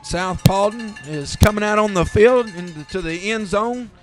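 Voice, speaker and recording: A man with a Southern American accent calling a high school football game play by play, easygoing and given to correcting himself. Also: a little slow, soft background music. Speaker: play-by-play announcer.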